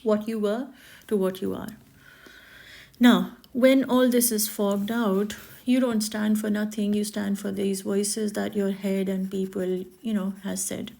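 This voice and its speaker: A woman talking reflectively and gently as she draws, sometimes dropping to a soft whisper. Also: medium pitch, fairly even intonation, unhurried, creaky. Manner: gentle, reflective, slips into soft whispers and quoted nagging voices. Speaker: art healer and spiritual speaker. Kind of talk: reflective spoken monologue while drawing.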